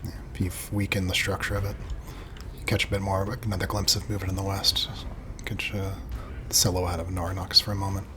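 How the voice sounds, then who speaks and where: A man with a very deep voice narrates a tabletop game as its game master. He describes the scene calmly, pausing often to gather his thoughts. A steady hiss of background noise runs under the home recording. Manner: calm, measured descriptions with frequent "um"s.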